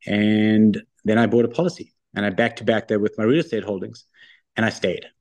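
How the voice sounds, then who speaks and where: Confident middle-aged man, low voice. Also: level tone, darkish tone. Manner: confident, brisk anecdotal storytelling. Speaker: guest, wealth firm founder. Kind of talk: casual interview storytelling.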